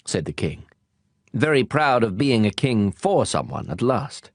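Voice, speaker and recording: Casting: male audiobook narrator, calm, expressive reading, dry close sound. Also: medium pitch, measured pace, dry recording.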